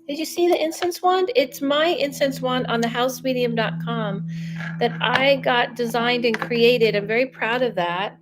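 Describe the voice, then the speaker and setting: A woman's voice: a little high, unhurried, noisy background. A young adult woman doing a live psychic reading, chatting casually and animatedly, often breaking off mid-sentence. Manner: chatty and animated, self-interrupting. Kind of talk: casual livestream chat.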